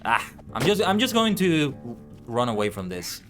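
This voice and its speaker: A man's voice: medium pitch, big pitch swings, normal speed, a bit bright, soft background music. A man with a non-native accent musing aloud in casual live-stream chat while playing a game. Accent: non-native English accent. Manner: thinks aloud, rambling and musing. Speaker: VTuber streamer.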